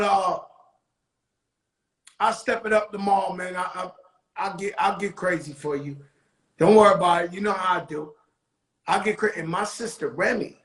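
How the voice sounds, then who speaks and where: High-voiced man hosting in an echoey room. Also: fairly bright tone. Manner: loose, profane, street-talk delivery; slows into motivational preaching. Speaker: talk show host. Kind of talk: casual storytelling monologue.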